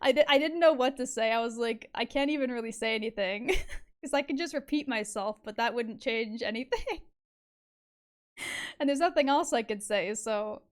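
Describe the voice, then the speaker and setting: A woman's voice: on the high side, normal speed. A young woman streaming a game, chatting casually, giggling and swearing freely. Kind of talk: casual let's-play commentary. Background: game music.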